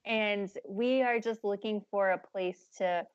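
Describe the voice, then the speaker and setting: Woman player, slow, giggly, dull dry sound. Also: medium pitch, no echo. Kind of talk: casual tabletop play.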